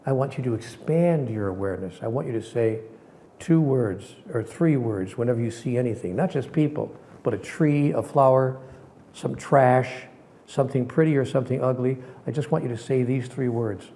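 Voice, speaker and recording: A man, a spiritual teacher, telling personal stories in an animated way, acting out the people in them and sometimes dropping to a whisper. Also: mid-range voice, moderate pace, a little hiss or hum. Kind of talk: storytelling talk.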